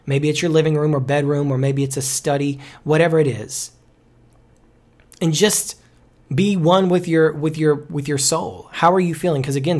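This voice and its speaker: A man's voice: fairly high pitch, a little mellow. A man speaking as a life coach on a podcast, preachy and emphatic, repeating key phrases. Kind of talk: motivational podcast talk.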